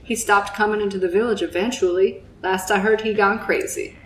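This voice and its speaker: A woman voicing a chatty village barkeep in an odd put-on accent, quick and offhand. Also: mid-range voice, a little hiss or hum, natural voice. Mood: gossipy. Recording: roomy echo.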